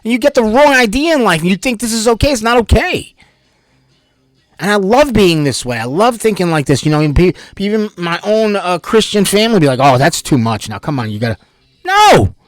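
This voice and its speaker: High-voiced man rambling animatedly. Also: brisk, dry recording, studio quality. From Bayonne, New Jersey. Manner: animated, rambling, swears freely. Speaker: vlogger. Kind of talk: rambling personal monologue.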